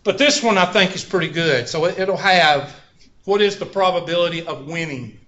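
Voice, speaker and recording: A man teaching a math class speaks at normal speed in a slightly high, bright, forceful voice. His classroom lecture slips into folksy anecdotes and joking asides, captured in a roomy, dull recording.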